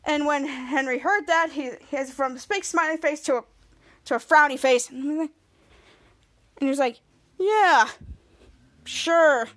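A woman's voice: sits high, steady tone, moderate pace, pauses often, a bit bright. A woman podcast host recapping a TV episode in casual, rambling talk with many restarts.

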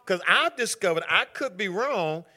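Man leading a church Bible study; bright, lively teacher, conversational and emphatic. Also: high voice, moderate pace. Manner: calls on members by name, conversational and emphatic. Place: church group gathering.

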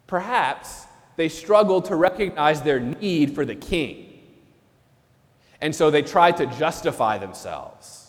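Earnest priest preaching in reverb. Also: male voice, a little high. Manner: earnest, repeats key phrases for emphasis. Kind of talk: sermon.

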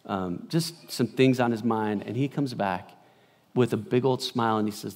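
A man's voice: medium pitch, normal speed. Man preaching in a reverberant hall. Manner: conversational, swings between loud bursts and hushed passages. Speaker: pastor. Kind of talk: sermon.

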